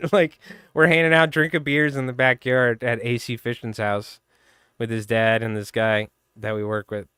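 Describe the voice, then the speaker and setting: A man's voice: medium pitch, unhurried, clear, resonant tone, no room sound, clean studio sound. A man with a Long Island accent hosting a fly tying livestream, telling rambling fishing stories and laughing along the way. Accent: Long Island New York. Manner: rambling, laughing, animated storyteller. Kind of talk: casual storytelling chat.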